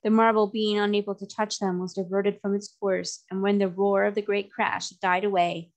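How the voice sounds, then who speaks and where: A woman narrating a classic children's novel aloud, in a steady storytelling manner. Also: mid-range voice, normal speed.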